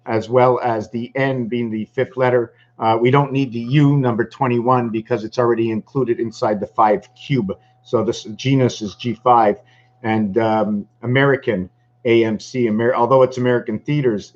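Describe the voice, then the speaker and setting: Rambling man, dull lo-fi sound. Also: mid-range voice. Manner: meandering, full of ums and restarts. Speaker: channel host. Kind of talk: rambling monologue.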